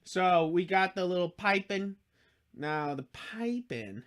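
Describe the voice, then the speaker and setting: Man, casual livestream host, tired, rambling and swearing, goofy put-on accents, slightly high voice. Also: big pitch swings, takes it slowly, fairly bright tone. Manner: rambling, profane, jokey, puts on silly accents. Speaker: livestream host building model kits.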